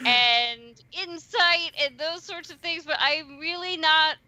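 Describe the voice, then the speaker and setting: A woman playing a tabletop game with a high, very bright voice. She talks slowly and chattily, stammering and laughing, with faint music underneath. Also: no room sound. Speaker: player.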